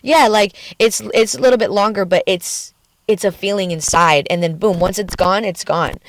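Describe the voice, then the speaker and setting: A woman's voice: mid-range voice, normal speed, dry recording, clean studio sound. A woman in a candid personal vlog, talking frankly and emotionally and swearing freely, recorded on a phone in a car. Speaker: vlogger. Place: in a car at the beach.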